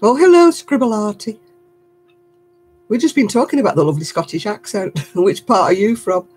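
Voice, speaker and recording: Chatty older woman, husky laugh. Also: medium pitch, moderate pace, darkish tone. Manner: chatty, laughs often, motherly. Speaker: crafting livestream host. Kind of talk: casual chat reading viewer comments.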